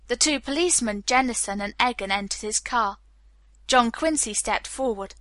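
A woman reading a novel aloud as an audiobook narrator, in a measured style. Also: on the high side, a bit bright, no echo. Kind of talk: scripted narration.

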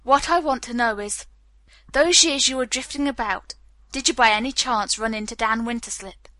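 A stern male police captain who fires off hard questions and won't let up, read by a woman. The voice sits a little high and bright, recorded close and dry with no room around it. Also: moderate pace, no echo.

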